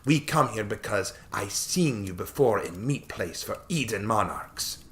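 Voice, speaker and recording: A man voicing an earnest female orc envoy who speaks slow, halting, broken English with a thick accent. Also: medium pitch, big pitch swings, sharp tone, slight background noise, pitched above the performer's own voice. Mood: formal, earnest.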